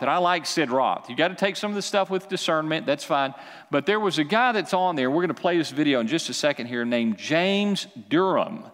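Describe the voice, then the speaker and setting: Man, pastor, sermon, emphatic, somewhat high pitch, long hall reverb. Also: a bit bright. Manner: emphatic, repeats lines for the congregation.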